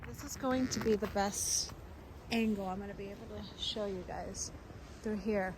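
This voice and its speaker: A woman chats her way through a casual walking-tour vlog, exclamatory and thinking aloud. Her voice sits at an ordinary middle pitch. She records outdoors on a handheld camera, with a faint hum of the town behind her. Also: normal speed. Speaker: travel vlogger visiting film locations.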